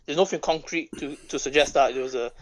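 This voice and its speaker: A man calling in to a debate, calm and methodical, citing scholars with frequent hesitations. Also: medium pitch, fast talker. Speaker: caller. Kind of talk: measured debate with scholarly citations.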